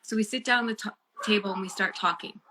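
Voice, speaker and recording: A woman, a guest and bereaved mother, telling a personal story in casual chat, earnest and animated with many fillers. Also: mid-range voice, fast talker, background noise. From Canada.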